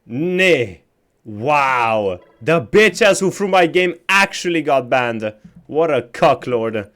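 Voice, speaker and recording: A man streaming a game live, chatting casually with his chat, swearing often and reacting loudly to what he reads. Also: on the high side, unhurried.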